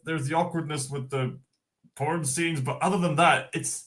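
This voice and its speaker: A man's voice: medium pitch, slow pace. A Scottish man hosting a livestream, chatting casually in a jokey, rambling way. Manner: jokey, giggly, rambling with fillers. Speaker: streamer host.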